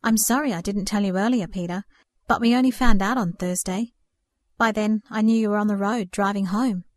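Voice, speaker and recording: A woman voicing a calm, meek young woman facing death in a storybook reading. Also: medium pitch, brisk, dry recording, clean studio sound, natural voice.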